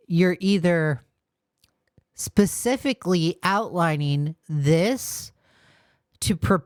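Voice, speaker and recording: A woman's voice: low-pitched, dry recording, studio quality. A woman hosting a casual reaction commentary, sounding exasperated and rambling, often restarting her sentences. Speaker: commentary host.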